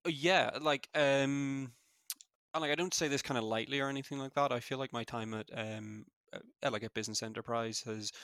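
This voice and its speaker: A young man with a Belfast accent who talks quickly, full of fillers and restarts, in a casual interview. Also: medium pitch, gravelly, fairly bright tone, no echo, clean studio sound. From Northern Ireland. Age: young adult. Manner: fast-talking, many fillers and restarts. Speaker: former student guest.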